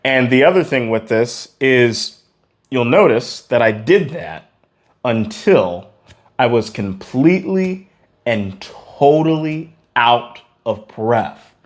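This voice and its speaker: A man teaching a vocal warm-up lesson, explaining exercises energetically and often checking in with "okay?". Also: mid-range voice, slow pace. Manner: energetic, demonstrates vocal sounds between explanations. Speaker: vocal coach.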